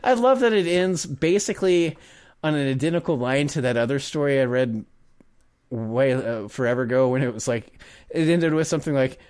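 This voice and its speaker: Chatty man with a middle-pitched voice. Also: moderate pace, a little mellow, clear, resonant tone, dry recording, studio quality. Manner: laughing, rambling, profane, mock-formal voices for quotes. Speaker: podcast co-host reading a story. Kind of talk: casual chat and story reading.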